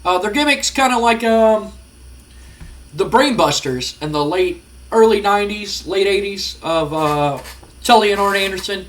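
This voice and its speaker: A man's voice: high-pitched, expressive, a little slow. A man giving rambling, casual let's-play commentary, full of fillers. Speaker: gaming channel host.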